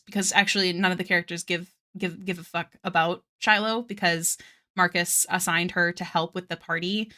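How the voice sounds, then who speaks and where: A woman's voice: fairly low pitch, pushed and bright. A woman art streamer chatting casually with her viewers, rambling with lots of fillers and little giggles. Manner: chats with live viewers between tangents. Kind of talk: casual chat while drawing.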